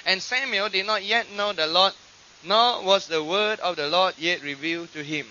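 Bright animated male preacher, lo-fi. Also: high-pitched, moderate pace. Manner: animated, acts out quoted voices. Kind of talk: sermon teaching. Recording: dull lo-fi archive recording.

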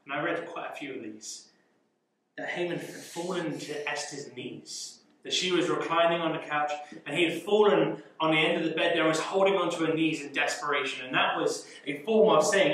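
A young man leading a youth Bible study, teaching in an animated way with rhetorical questions and frequent chuckles. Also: fairly high pitch, normal speed. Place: church youth room. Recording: echoey room, mic far off.

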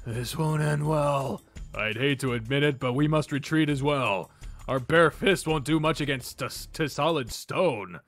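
A man's voice: a little high, unhurried, a bit bright, faint music behind. A man voicing a stern male owner of a fighting ring, speaking in a threatening way. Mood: grim.

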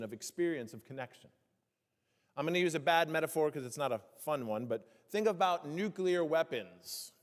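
Joking pastor preaching in a church hall. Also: male voice, a little high. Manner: jokey, conversational preaching with fillers. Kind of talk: sermon. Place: church sanctuary. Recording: church hall with long reverb.

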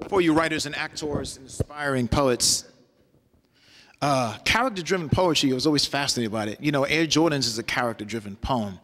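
A man with a mid-range, fairly bright voice talks a little fast, with slight background noise and long hall reverb. A guest lecturer performing solo, he gives a loose, conversational university lecture full of storytelling, often checking in with "right?".

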